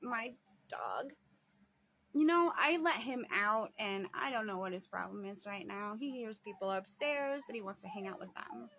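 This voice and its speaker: A woman's voice: mid-range voice, expressive, normal speed, noisy background. Rambling woman caretaker vlogging. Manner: rambling, laughs often, sighs. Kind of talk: casual video diary.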